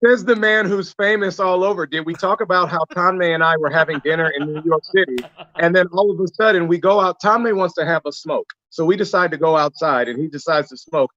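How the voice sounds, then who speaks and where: A man from the United States, a guest actor, telling animated stories in a casual live-stream chat. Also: a little high, a little fast, no echo, highs cut off.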